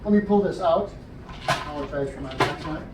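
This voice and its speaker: Juggling for a crowd in a library program room, this man talks briskly in a voice on the high side, cracking jokes and walking through every trick step by step. The stage patter was recorded from a camera among the audience, leaving the sound roomy, distant and noisy.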